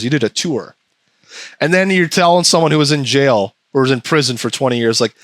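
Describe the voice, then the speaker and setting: A man's voice: fairly high pitch, animated, brisk, a bit bright, dry recording. A man hosting a podcast, ranting profanely in casual chat and slipping into mocking voices. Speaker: podcast host.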